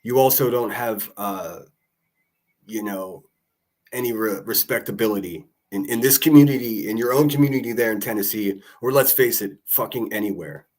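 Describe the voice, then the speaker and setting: A man's voice: fairly low pitch, normal speed, a little mellow. A man hosting a livestream, talking casually and mocking people with profane insults. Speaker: livestream host.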